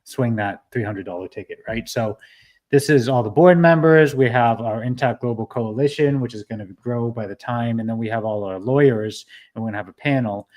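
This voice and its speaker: A man hosting a live stream in a casual, animated way. He talks at an average pitch, fills his speech with "uh" and "um" and often restarts his sentences. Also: fairly quick, low-quality recording. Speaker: livestream host.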